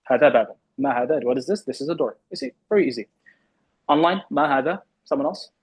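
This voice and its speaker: A man teaching an Arabic class to students in the room and online, patiently repeating words slowly. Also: mid-range voice, lively intonation, husky, low-quality recording.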